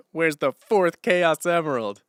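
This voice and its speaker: A man's voice: fairly high pitch, lively intonation, slow, no echo, clean studio sound. A man chatting casually on a live stream from the floor at home, rambling through chat questions and laughing easily. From Canada. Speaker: streamer and musician. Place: room at home, sitting on a hardwood floor.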